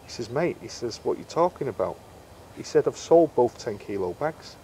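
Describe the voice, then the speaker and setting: A middle-aged man with a mid-range, mellow voice and lively intonation is a guest on a casual storytelling interview, speaking at normal speed. A carp angler and bait maker, he tells fishing stories chattily and acts out the quoted dialogue. There's slight background noise.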